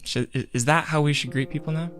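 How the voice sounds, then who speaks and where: Faint music plays behind a fast-talking man whose pitch is fairly high. He's a podcast co-host telling a loose, wandering story, performing people's quotes with energy and peppering it with fillers and self-corrections.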